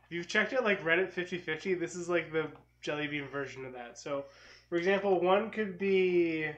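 A young man with a slightly high voice sits in as a guest on a live stream. He talks in a relaxed, offhand way and drops short, dry jokes. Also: moderate pace, muffled recording. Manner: laid-back, dry quips. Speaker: recurring guest. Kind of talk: casual live-stream chat.

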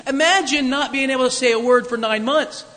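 A man preaches a sermon in a loose, conversational manner, joking and wandering into asides. His voice sits high and sounds bright. The long reverb of a large hall trails behind him. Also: a little fast. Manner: conversational, jokey, many asides. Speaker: pastor.

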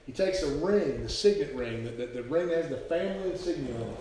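A man's voice: a little high, lively intonation, fast, warm tone, a little hiss or hum. A man preaching a sermon, telling the story earnestly and stumbling over repeated words. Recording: very echoey hall, speaker far from mic.

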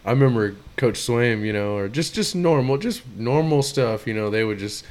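A man's voice: mid-range voice, expressive, normal speed, darkish tone. A young man from the Houston area talking casually in a rambling, laid-back way with friends. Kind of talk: casual chat.

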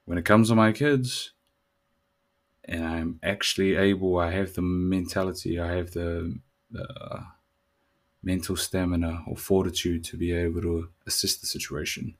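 A man's voice: low-pitched, fairly even intonation, moderate pace. A man, hosting a solo podcast in a laid-back, slangy way that turns reflective. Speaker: podcast host. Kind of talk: casual solo podcast chat.

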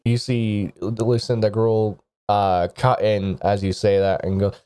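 Male game master, halting narration, slow and mellow. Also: fairly low pitch, little pitch movement, smooth. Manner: halting, with many restarts.

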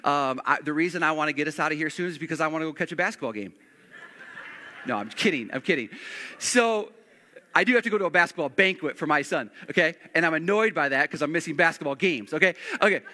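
A middle-aged man preaches in a high, sharp, very bright voice, animated and prone to restarting and repeating his phrases. He jokes his way through a story from the pulpit. His voice hangs in the long reverb of a large church sanctuary. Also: quick pace. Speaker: pastor. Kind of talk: storytelling sermon.

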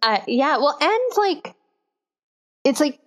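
A woman's voice: high-pitched, very animated, slow pace. A woman co-hosting a casual podcast chat, rambling with fillers and giggles. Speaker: podcast co-host.

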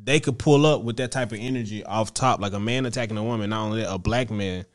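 A man's voice: lowish voice, fast. A man in casual chat, firm and emphatic, repeating words as he pushes his point.

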